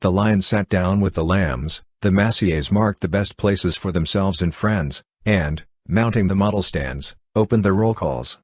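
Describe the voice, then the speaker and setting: A man with a very low, husky voice narrates a classic book in a steady, even way. The sound is dry and close. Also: measured pace, few pauses, no room sound. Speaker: audiobook narrator. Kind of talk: scripted narration.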